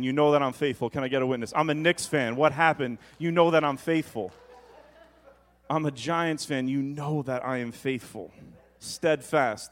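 A man preaching a sermon as pastor, rising to loud emphatic lines and slipping into joking asides. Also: medium pitch.

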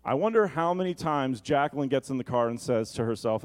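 A man preaching a sermon, animated and conversational, often asking the congregation questions. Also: mid-range voice, brisk, few pauses.

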